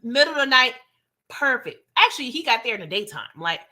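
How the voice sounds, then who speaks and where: A woman's voice: high-pitched, very animated, brisk, pushed and bright. A woman recapping a TV episode in casual commentary, chatty and talking straight to her viewers, often laughing. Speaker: TV recap reviewer.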